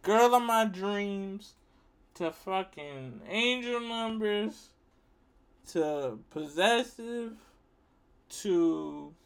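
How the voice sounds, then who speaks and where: A man's voice: high voice, expressive, drawn-out words, smooth. A man giving a casual rant to his viewers, emphatic and profane, repeating himself for effect. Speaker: vlogger.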